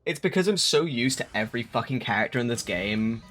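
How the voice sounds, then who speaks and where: A man's voice: medium pitch, expressive, a little fast, a bit bright, soft background music. A young man chatting casually on a live stream, rambling and swearing with lots of fillers.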